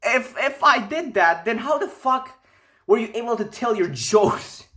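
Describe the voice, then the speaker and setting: A young man telling a casual, profane storytime rant, animated and incredulous. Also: very high voice, a little slow. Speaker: vlogger.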